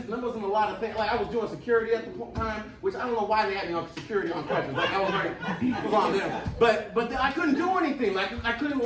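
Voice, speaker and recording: A man doing stand-up, telling a wild profane story and acting out shrieking characters. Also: sits high. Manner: animated, loud, profane, acts out shrieking characters. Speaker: stand-up comedian. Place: comedy club stage. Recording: roomy club from a distance with crowd. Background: audience laughter.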